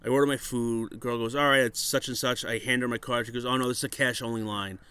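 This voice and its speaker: A man's voice: mid-range voice, fast, clean tone, dry recording. Profane man telling a rambling story. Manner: profane, animated storyteller acting out quotes. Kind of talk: casual storytelling chat.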